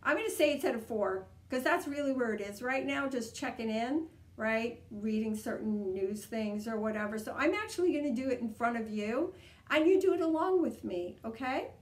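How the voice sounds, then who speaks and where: A woman leading a guided tapping session, coaching calmly and repeating each step. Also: a little high, moderate pace. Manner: calm, repetitive, coaching tone. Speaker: EFT tapping practitioner. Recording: echoey room.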